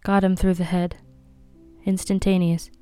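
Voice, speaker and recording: A woman reading a cautious middle-aged male doctor who speaks doubtfully and flatly. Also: lowish voice, moderate pace, dry recording, faint music behind, natural voice. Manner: doubtful, flat and clinical.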